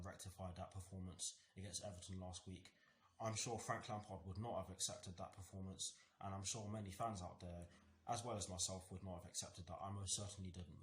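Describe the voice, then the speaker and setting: Young man, fan vlog host, lowish pitch, earnest, repetitive, stammers now and then. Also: slight background noise. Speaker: football fan channel host. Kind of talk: match preview vlog.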